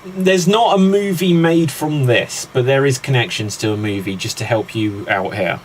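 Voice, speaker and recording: A man hosts a live guessing game with an upbeat, teasing delivery. His voice sits in an ordinary middle pitch. A faint hiss sits under the recording. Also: moderate pace, rough recording. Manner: upbeat, teasing, laughs often. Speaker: quiz host. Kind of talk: live game show hosting.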